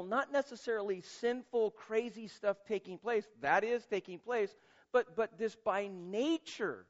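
A man's voice: sits high, takes it slowly. A man preaching a sermon as pastor, talking in a conversational, emphatic way and asking the listeners rhetorical questions. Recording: muffled lo-fi sermon recording.

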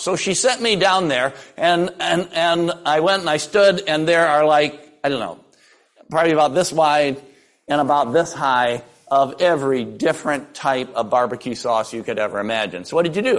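A man's voice: fairly high pitch, moderate pace, a bit bright. An older man preaching a sermon, telling folksy stories with dry humor. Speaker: pastor.

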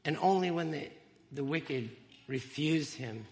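A man giving an emotional, halting church testimony, with fillers and small laughs. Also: fairly high pitch, a little mellow, big-room sound, a little hiss or hum.

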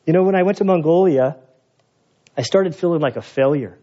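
A man's voice: fairly high pitch, fairly quick, long pauses, warm tone, highs cut off. A man preaching a sermon as pastor, conversational and storytelling, building to emphatic peaks. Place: church sanctuary.

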